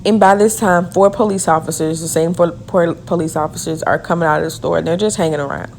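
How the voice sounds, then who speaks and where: A woman telling a personal story in an earnest way, with quick repeated phrases. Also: on the low side, fairly even intonation, darkish tone, slight background noise. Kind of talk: emotional first-person storytelling.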